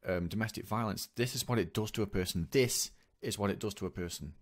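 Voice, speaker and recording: A man telling a personal story in a confessional vlog, speaking haltingly and earnestly with many repeats. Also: fairly low pitch. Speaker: vlogger.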